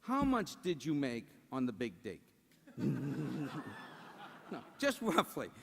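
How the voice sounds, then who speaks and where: A man's voice: mid-range voice, wildly swooping pitch, takes it slowly, gravelly, breathy edge. A man doing a roast comedy routine in a large banquet hall, joking and tossing rhetorical asides to the crowd. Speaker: roast speaker. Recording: long hall reverb.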